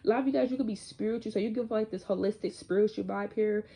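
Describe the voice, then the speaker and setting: Mellow-voiced young woman doing a tarot reading. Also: medium pitch, very fast, gravelly. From Michigan, US. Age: 20s. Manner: chatty and loose, slangy, sings snatches of lyrics. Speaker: tarot reader.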